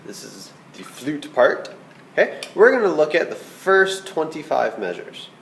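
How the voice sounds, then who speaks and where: A man's voice: a little high, big pitch swings, measured pace, vocal fry, fairly bright tone, echoey room, a little hiss or hum, poor audio. A man teaching a recorded flute lesson, patient and checking in with "okay?" as he explains. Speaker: band teacher.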